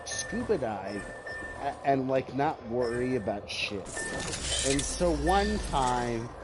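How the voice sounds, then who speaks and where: A man's voice: medium pitch, sing-song, slow, background noise. A drunk man streaming a game, rambling through a profane story with lots of "like". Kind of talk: casual storytelling while gaming.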